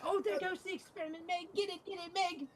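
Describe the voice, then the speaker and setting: A man voicing a fussy, excitable old woman in a tabletop game, shrill and fluttery. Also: fast talker, a crowd in the background. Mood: flustered.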